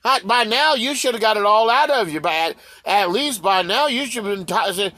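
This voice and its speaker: High-voiced man ranting heatedly. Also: animated, normal speed, few pauses, sharp tone, no echo. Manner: heated, profane, fires rhetorical questions; repetitive, stumbling restarts. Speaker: vlogger. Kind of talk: ranting commentary to camera.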